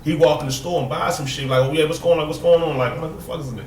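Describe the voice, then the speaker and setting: A man's voice: a little high, steady tone, fast talker, a little mellow. A man telling laid-back, profane stories as a podcast guest, acting out what people said. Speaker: guest, store owner. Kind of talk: casual storytelling. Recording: roomy echo, mic at a distance, faint noise.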